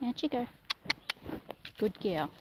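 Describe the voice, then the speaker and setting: A woman livestreaming casually while she trains her miniature horse outdoors, speaking in a soft, coaxing way to the animal. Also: medium pitch, lively intonation, slow. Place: outdoors in a paddock. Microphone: phone camera held in one hand. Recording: noisy outdoor phone recording.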